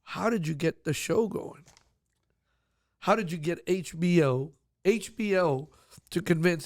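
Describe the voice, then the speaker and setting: A man hosts a casual podcast interview, his questions halting and full of restarts. His voice sits fairly high for a man, recorded dry and close with little room sound. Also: dry recording. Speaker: podcast host.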